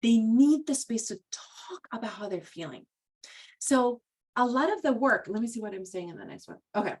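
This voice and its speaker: A woman's voice: a little high, expressive, normal speed, a little mellow, husky. A woman giving a conversational training talk, casual and full of "like" and "you know.". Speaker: presenter at a professional training.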